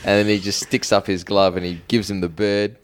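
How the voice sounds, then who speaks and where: A man's voice: lowish voice, little pitch movement, fairly quick. A man in a casual podcast chat, adding plot details and puns. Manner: punning, adds plot details.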